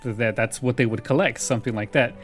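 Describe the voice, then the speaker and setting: A man talks casually, recapping a sitcom episode with frequent laughter in his voice. His pitch sits in an ordinary middle range. Faint music plays under the conversation. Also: steady tone, fast. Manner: laughs often while retelling scenes. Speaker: podcast host recapping a sitcom. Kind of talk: casual chat.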